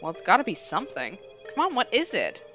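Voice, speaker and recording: A woman reading a game aloud and voicing an impatient man who snaps, speaking brightly with lively pitch. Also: soft background music, heavily acted. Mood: exasperated. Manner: sharp, exasperated, quick to snap. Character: brusque harried adult man, impatient, snappish.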